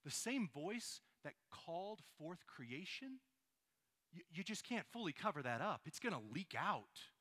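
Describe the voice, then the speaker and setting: A man's voice: sits high, big pitch swings, measured pace, pushed and bright. A man preaching a sermon, asking his listeners rhetorical questions and reading scripture aloud. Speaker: pastor.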